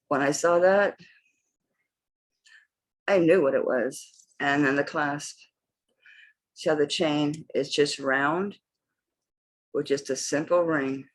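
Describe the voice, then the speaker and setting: A woman hosts a casual home vlog and shows vintage jewelry. Her voice is low and husky, and she keeps up a chatty, familiar stream of talk, with asides to her dog. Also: rough recording. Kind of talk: casual vlog showing items.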